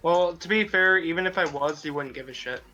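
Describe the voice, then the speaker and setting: Young guy friend on voice chat, bright edgy voice, dry teasing. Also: fairly high pitch, brisk, highs cut off, faint music behind. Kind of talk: casual chat over voice call.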